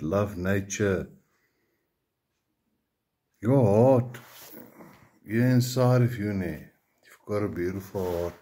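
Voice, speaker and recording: A South African man rambles through a casual video message at an unhurried pace. His voice is deep, dark and somewhat husky, and he tacks a tag onto nearly every sentence. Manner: rambling, repeats the tag "ne" often, swears casually. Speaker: video maker addressing a fellow YouTuber.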